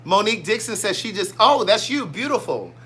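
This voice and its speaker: A man's voice: high-pitched, very animated, brisk, bright, forceful tone, breathy edge. A man hosting a casual livestream, chatty and playful as he reads out viewer comments. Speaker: livestream host.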